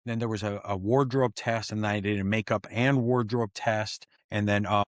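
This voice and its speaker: Man, low voice, dry close mic, chatty stuntman guest, animated storytelling. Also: normal speed, dry recording. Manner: animated, acts out quotes. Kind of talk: casual storytelling interview.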